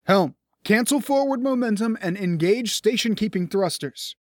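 A man's voice: fairly high pitch, animated, moderate pace, no room sound, clean studio sound. Firm, composed male captain issuing orders, read by a man. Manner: firm, commanding.

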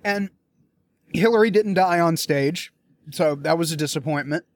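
A man's voice: a little high, normal speed. A young man giving a casual political rant, blunt and profane, often restarting his sentences as he works through his frustration. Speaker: political commentator.

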